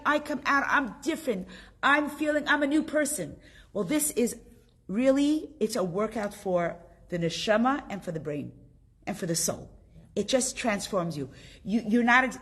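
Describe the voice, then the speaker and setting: A middle-aged woman from Canada teaching a casual group class, lively and chatty, often putting questions to her students. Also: medium pitch, husky.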